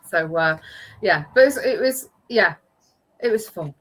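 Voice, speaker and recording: A woman on a casual chat show, reminiscing about a trip in a relaxed way and trailing off with fillers. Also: lowish voice, unhurried, low-quality recording. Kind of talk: casual anecdote telling.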